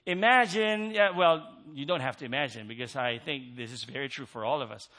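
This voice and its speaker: A man's voice: medium pitch, fairly quick, bright, forceful tone. A man preaching a sermon in an earnest way, repeating key phrases for emphasis.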